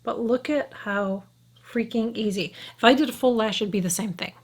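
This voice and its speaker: A woman's voice: fairly high pitch, moderate pace, slightly rough. A woman in her fifties talking casually through a makeup tutorial, frank and chatty, checking in with the viewer with a constant "okay?" as she works at her mirror. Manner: talks while applying makeup, sometimes drops to a whisper. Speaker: beauty vlogger.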